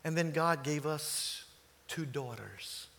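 Sixties male preacher, gravelly, a touch high, storytelling sermon delivery. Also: slow pace, a bit bright. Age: 60s.

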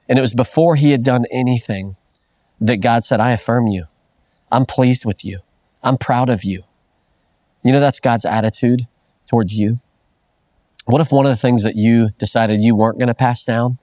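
A man's voice: medium pitch, warm tone, dry recording, clean studio sound. A middle-aged man preaching a sermon in an earnest, conversational way, often restarting phrases and adding "man" as a filler. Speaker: pastor.

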